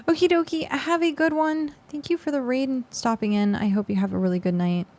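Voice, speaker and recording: Tired, gravelly-voiced woman streamer. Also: high voice, fairly quick, darkish tone. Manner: chatty, greets viewers, trails off with fillers. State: tired and congested. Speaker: game streamer. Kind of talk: casual live-stream chat.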